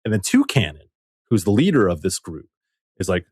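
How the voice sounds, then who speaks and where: Male podcast co-host, excitable and animated, very expressive pitch, dry recording. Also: a little fast, breathy edge, no echo. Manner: animated, excitable storytelling, swears. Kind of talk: casual chat.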